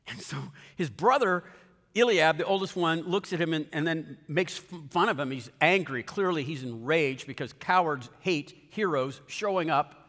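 A man preaching a sermon as a pastor, telling a story and acting out the characters' lines with sudden shifts in pitch and pace. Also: moderate pace, a bit bright. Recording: long reverb of a large hall.

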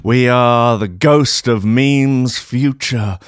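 A doom-laden ghost slowly intones its warnings in a lowered voice, as a man puts it on. The delivery is measured and heavy, and the recording is close and dry. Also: smooth, no echo. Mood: ominous. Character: ghost of future memes, ominous, warning.

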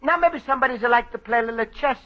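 Effusive Italian immigrant man, Italian accent, broken English, strikingly high voice, hissy old radio broadcast. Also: quick pace, highs cut off. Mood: cheerful. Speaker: lead character. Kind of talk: 1950s radio sitcom acting.

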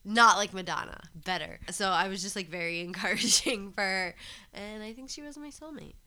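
A woman's voice: mid-range voice, brisk, bright, forceful tone. A woman co-hosting a podcast, chatting casually and laughing often, with many restarts. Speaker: podcast co-host. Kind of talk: casual chat.

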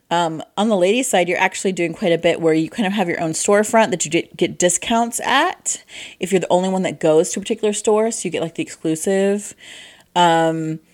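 A woman co-hosting a casual board game podcast, chatty and quick to laugh. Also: on the low side. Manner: chatty, laughs easily, acts out voices in asides. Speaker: podcast co-host.

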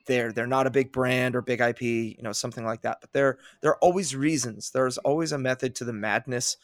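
A man's voice: medium pitch, a little fast, dry recording, clean studio sound. A man hosting a podcast, talking casually and energetically, often restarting his sentences. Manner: energetic and chatty, with frequent restarts. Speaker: podcast host.

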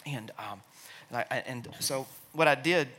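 A man giving an earnest, emotional personal testimony in a sermon-like talk, at times dropping to a hushed, soft voice, with frequent restarts. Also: medium pitch, moderate pace. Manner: hushed, soft-spoken in quiet passages.

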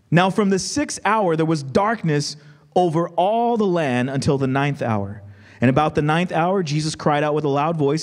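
A man preaching a sermon, reading scripture and explaining it conversationally, checking in with the congregation. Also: on the high side. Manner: reads scripture quickly, slows down for emphasis. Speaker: pastor.

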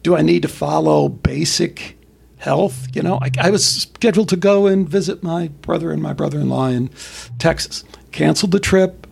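A middle-aged man talking as a podcast guest, blunt and profane, telling stories in an animated way. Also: a little high, moderate pace, vocal fry, slightly rough. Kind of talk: casual conversation.

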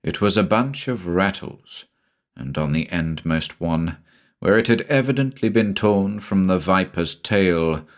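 Deep-voiced man narrating a horror tale. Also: unhurried. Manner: dramatic, expressive storytelling. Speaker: audiobook narrator. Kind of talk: scripted narration.

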